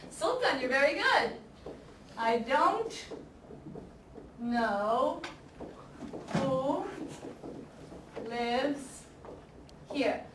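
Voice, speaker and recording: A woman teaching an English grammar class, speaking slowly and deliberately, repeating example sentences and quizzing her students. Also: high voice, expressive. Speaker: ESL teacher. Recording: echoey classroom, camera far off, faint noise.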